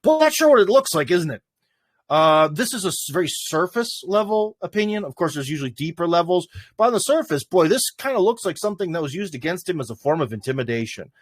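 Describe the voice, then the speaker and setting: A man's voice: high-pitched, big pitch swings, quick pace, no echo. A man hosting a casual livestream, talking off the cuff in a rambling way with plenty of "uh" and "anyways". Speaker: livestream host.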